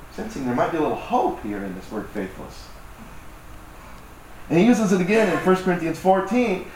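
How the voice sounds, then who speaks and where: Speaking in a high voice from far off the mic, this man preaches as a pastor in a chatty, self-deprecating style, doing voices as he goes. The hall echoes and there's a faint hiss of noise.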